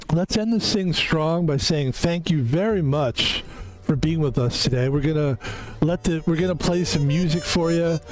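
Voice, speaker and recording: A man's voice: a little high, slight background noise. A man streaming from home, rambling through a casual sign-off with music playing behind him. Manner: rambling, chatty, self-promoting. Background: background music.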